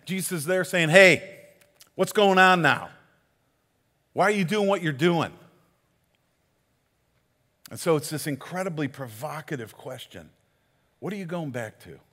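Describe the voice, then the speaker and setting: A man's voice: a little high, big-room sound. A man giving a sermon as a community pastor, telling the story in a conversational way and often restarting his words.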